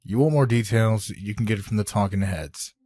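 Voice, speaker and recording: A man's voice: on the low side, a little fast, dark tone, pitched above the performer's own voice, lightly acted. A male narrator voicing a tired veteran police detective in a horror audiobook. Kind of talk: audiobook character voice.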